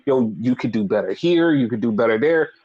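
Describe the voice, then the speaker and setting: A man's voice: medium pitch, lively intonation, fairly quick, a little mellow, breathy edge, lo-fi sound. A man co-hosting a casual wrestling podcast, ranting with lots of swearing and repetition. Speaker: podcast co-host.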